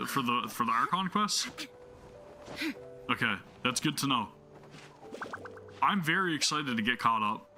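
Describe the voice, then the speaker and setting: Bright-voiced rambling gaming host. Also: male voice, mid-range voice. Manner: rambling, full of fillers and restarts; enthusiastic. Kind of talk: casual gameplay commentary.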